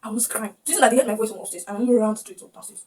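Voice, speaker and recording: Her voice fairly high yet dark in tone, a young woman vlogger with a Nigerian accent speaks rapid-fire as she tells the camera a personal story. She is emotional and often repeats herself. The mic is far away, and faint background noise can be heard.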